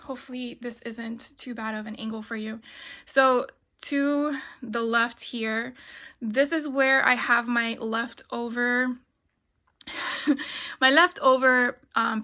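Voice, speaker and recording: A middle-aged woman walks viewers around her home craft room, talking casually with plenty of ums and small laughs. Her voice sits a touch high and sounds bright and forward, and she is a little out of breath as she moves the phone around. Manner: chatty, frequent ums, light laughs. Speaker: craft vlogger.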